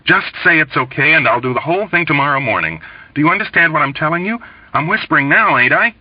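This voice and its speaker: A man reading aloud, voicing an overwrought, pugnacious young male airman with a rough, quavering voice who can't keep his voice down. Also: a little high, expressive, fast, no room sound, pitched above the performer's own voice. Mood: pleading. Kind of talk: audiobook reading. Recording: dull lo-fi recording.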